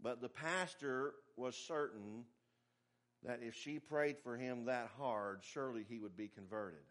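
A man's voice: medium pitch, measured pace, fairly bright tone. A middle-aged man preaching a sermon in a folksy, emphatic way, with humorous asides. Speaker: pastor.

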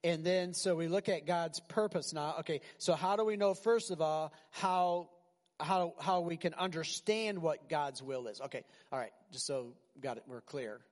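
Animated high-voiced preacher in a hall. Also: male voice, normal speed. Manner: animated, conversational preaching with rhetorical questions. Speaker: pastor. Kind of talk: sermon.

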